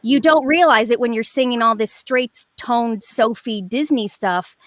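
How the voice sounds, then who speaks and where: A woman in her forties, a guest performer telling a story in a rambling, animated way with lots of fillers over a video call. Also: fairly high pitch, a little slow, dry recording. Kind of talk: casual chat.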